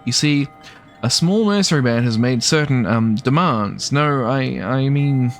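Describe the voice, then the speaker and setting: A man's voice: mid-range voice, unhurried, soft background music, natural voice. A man voicing an anxious, flustered older female village mayor in a game, fretful and stammering.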